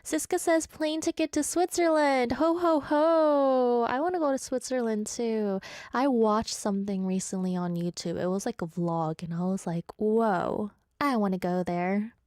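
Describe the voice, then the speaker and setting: A woman's voice: mid-range voice, normal speed, a little mellow, no echo, clean studio sound. A woman hosting a radio show, chatting casually and teasing as she reads out listener messages. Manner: playful, teasing, laughs at her own jokes. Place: radio studio. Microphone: studio microphone.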